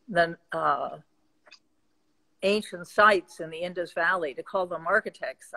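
Slow, thoughtful Midwestern woman. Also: on the low side, bright, forceful tone, poor audio. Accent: American Midwestern. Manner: slow, reflective, with restarts. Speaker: guest speaker. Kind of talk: live chat conversation.

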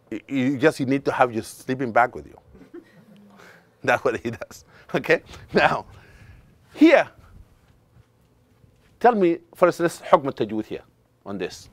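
Recorded dry, this middle-aged imam's voice is slightly high and a bit bright. In an energetic lesson on reciting the Quran, he questions his pupils and sometimes launches into chanting verses.

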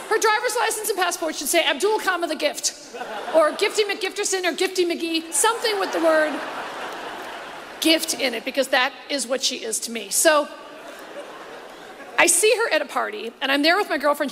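A woman comedian doing a live stand-up set, telling gossipy stories and mocking people with quick impressions. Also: very high voice, creaky. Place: large theater stage before a live audience. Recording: live hall recording with crowd noise.

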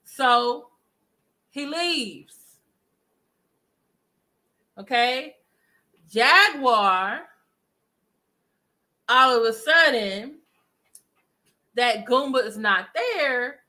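A woman recaps the gossip for her viewers, chatty and animated. She talks to them directly. Her voice sits high and bright. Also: very slow, pauses often. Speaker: commentary vlogger. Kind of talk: casual gossip commentary.

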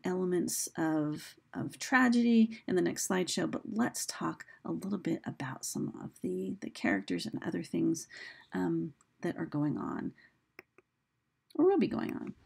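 A woman's voice: on the low side, gravelly, a little mellow, breathy edge. A woman teacher giving a recorded lesson, explaining casually with fillers and restarts, and reading quoted lines with dramatic emphasis.

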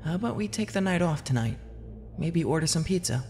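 A man voicing a caring, worried middle-aged wife who speaks softly and soothingly. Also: a little high, animated, a little fast, in a large hall, slight background noise, pitched above the performer's own voice, lightly acted. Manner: soft and soothing.

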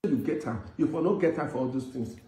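A man's voice: medium pitch, fast talker, warm tone, roomy sound, soft background music. A man with a Nigerian accent speaking pidgin in a pleading, sing-song way, heard from a played clip.

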